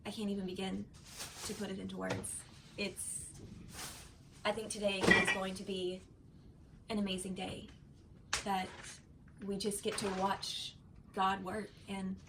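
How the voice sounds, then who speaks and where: A woman talking in a casual home vlog, close to tears and gushing with gratitude, with halting restarts. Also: medium pitch, gravelly, background noise. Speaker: vlogger and wife. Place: home kitchen.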